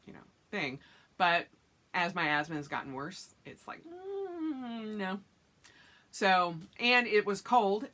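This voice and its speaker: A woman vlogger chatting casually to her camera with a bright, clear tone. She tells her story in long runs and acts out her own reactions with sudden high squeaks and yelps. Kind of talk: casual chat.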